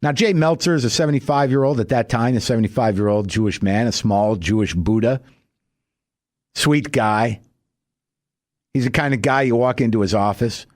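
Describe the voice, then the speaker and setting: A middle-aged man delivering a stand-up monologue, telling a wry story and leaping high and loud for his punchlines. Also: normal speed, dry recording, clean studio sound. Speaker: stand-up comedian.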